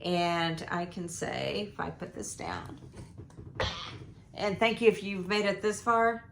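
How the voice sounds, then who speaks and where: An older woman, hoarse from losing her voice, rambling through a casual life update with lots of ums and restarts. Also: lowish voice, fairly even intonation, slow, a little hiss or hum. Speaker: vlogger. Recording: echoey room.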